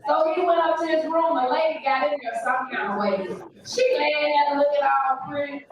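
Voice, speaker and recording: A woman's voice: high-pitched, moderate pace, highs cut off, a crowd in the background. Brassy woman comic, echoey live clip. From Arkansas. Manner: loud and brassy, laughing into her punchlines. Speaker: stand-up comedian. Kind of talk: stand-up comedy set. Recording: played clip of a live set, echoey and distant, faint room noise.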